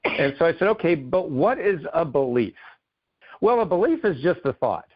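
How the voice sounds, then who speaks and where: Eager guy from maine on a radio show, kinda high voice, muffled lo-fi audio. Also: moderate pace. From Maine, USA. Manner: enthusiastic, animated storyteller. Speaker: guest author and keynote speaker. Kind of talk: radio interview, storytelling.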